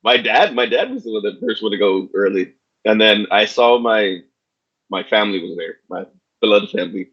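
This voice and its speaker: Middle-aged man, podcast co-host, husky voice, lively pitch, joking casual talk, dull lo-fi recording. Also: normal speed. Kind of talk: casual chat. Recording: dull, lo-fi sound.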